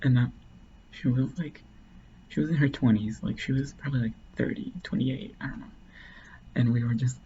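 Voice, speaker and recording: A man's voice: medium pitch, steady tone, normal speed, warm tone, lo-fi sound, slight background noise. A man casually telling a long, rambling story, full of "like" and restarts. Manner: rambling, heavy use of "like".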